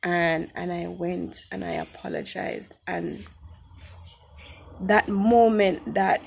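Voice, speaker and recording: Slow, gravelly woman testifying. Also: on the low side, steady tone, slight background noise. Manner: earnest, reflective, repeats phrases for emphasis. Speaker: testimony speaker. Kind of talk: spoken Christian testimony.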